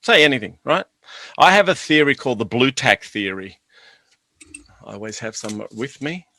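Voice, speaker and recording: A man telling lively stories as a podcast guest, acting out the scenes as he goes. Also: mid-range voice, moderate pace. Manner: animated, laughing storyteller acting out scenes. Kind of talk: podcast interview, anecdotal storytelling.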